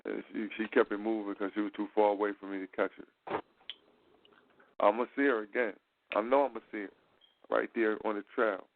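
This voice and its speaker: A man hosting a casual talk show, telling a profane, animated street-slang story. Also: fairly low pitch, fairly quick, long pauses. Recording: tinny phone-like sound.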